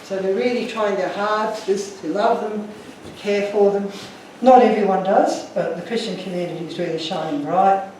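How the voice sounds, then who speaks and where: A man's voice: high-pitched, normal speed, hardly any pauses, a little mellow, very echoey, distant mic, a little hiss or hum, rough recording. A man giving an earnest, emotional talk to an audience, telling stories from his slides. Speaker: guest speaker.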